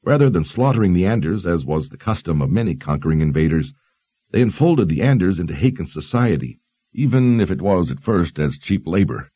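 A man's voice: low-pitched, very animated, warm tone, slightly rough, dry recording, muffled recording, exaggerated voice. Man voicing a learned young woman explaining history. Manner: measured, explanatory.

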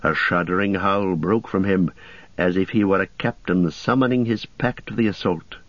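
A man narrating an audiobook in a measured, even storytelling manner. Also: low voice, no echo. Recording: dull dry audiobook recording.

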